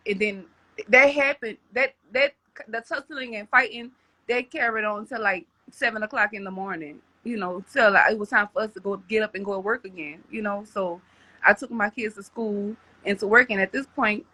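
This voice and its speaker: A woman's voice: mid-range voice, sharp tone, no echo. A woman telling a personal story as a podcast guest, rambling with many restarts and repeated words.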